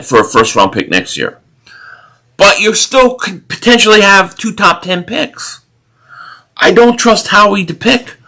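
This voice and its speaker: High, bright-voiced man ranting about football. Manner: opinionated, animated sports rant with repeated restarts. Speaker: live stream host. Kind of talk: casual live stream chat, reading super chats.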